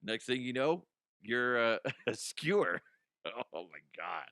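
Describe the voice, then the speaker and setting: A man's voice: medium pitch, big pitch swings, slow, a bit bright, smooth, no room sound, studio quality. A young adult man hosting a comedy news podcast, ranting casually with swearing, laughter and mocking put-on voices.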